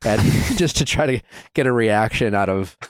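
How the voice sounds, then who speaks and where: A man hosting a casual podcast chat, telling relaxed, wry anecdotes. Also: on the low side, normal speed, no room sound, clean studio sound. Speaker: podcast host.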